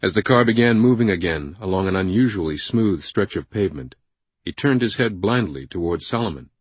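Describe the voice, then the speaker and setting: A man narrating a thriller audiobook in a measured, suspenseful way on a close studio microphone. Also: low-pitched, lively intonation, breathy edge, dry recording.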